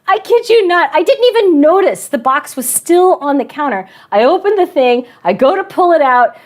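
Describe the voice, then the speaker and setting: Brief: high-pitched woman teacher, chatty storyteller who laughs often. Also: darkish tone. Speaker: math and science teacher. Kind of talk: storytelling to students in an online class.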